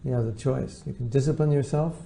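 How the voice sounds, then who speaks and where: A man gives an informal spiritual lecture in a very mellow, dark voice with a gravelly edge. He talks conversationally and slips into the voices of the people he quotes. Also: mid-range voice, fairly even intonation, fairly quick, a little hiss or hum. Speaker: spiritual teacher.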